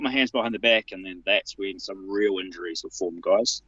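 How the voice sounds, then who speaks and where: A man, telling a personal account as a show guest in an emphatic, halting way, often restarting his sentences. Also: pushed and bright, breathy edge, dry recording, muffled recording. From New Zealand. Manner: emphatic, halting with restarts, rising in pitch when retelling his protests.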